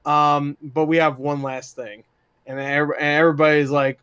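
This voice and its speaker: A man's voice: fairly high pitch, moderate pace, clear, resonant tone, no room sound, clean studio sound. A man co-hosting a casual gaming podcast, joking sarcastically and swearing a lot. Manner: profane, sarcastic, animated storytelling. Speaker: podcast co-host. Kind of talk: casual chat.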